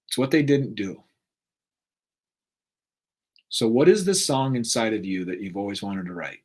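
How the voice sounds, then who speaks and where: A man's voice: fairly low pitch, measured pace, pauses often, darkish tone, breathy edge. A middle-aged man giving an unscripted motivational talk, earnest, repeating questions for emphasis and often asking "right?". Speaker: motivational speaker.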